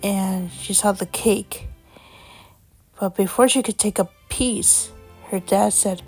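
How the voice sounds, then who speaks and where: A woman telling a children's story at a slow, steady pace. Her voice carries a gravelly rasp, with faint music playing beneath. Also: medium pitch. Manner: plain, unhurried storytelling.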